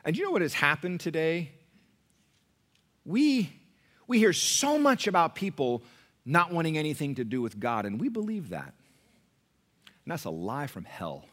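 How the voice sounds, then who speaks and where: A middle-aged American man preaching a sermon in a church, emphatic and joking, dropping to a hush and then rising loud. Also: on the high side, very animated, moderate pace, pauses often. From United States. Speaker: pastor.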